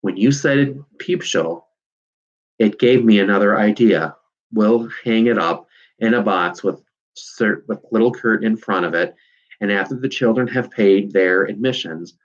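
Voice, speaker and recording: A man's voice: on the low side, unhurried, lo-fi sound. A man reading aloud and voicing an eager farm boy full of schemes.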